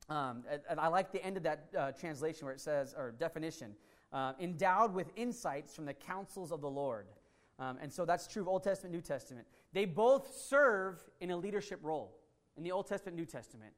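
Earnest high-voiced male preacher. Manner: earnest, emphatic, with fillers and restarts. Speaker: pastor. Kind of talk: sermon teaching.

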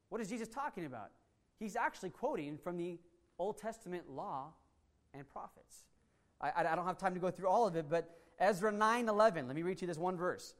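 A man with a notably high voice preaches a teaching sermon. He is earnest and emphatic, and he often restarts his sentences and adds fillers as he explains scripture. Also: fast. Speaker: pastor.

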